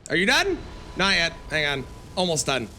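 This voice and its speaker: A man's voice: a little high, wildly swooping pitch, normal speed, bright, forceful tone, a little hiss or hum. A man streaming a game live, talking to his chat and grumbling at the game. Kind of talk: live gameplay commentary.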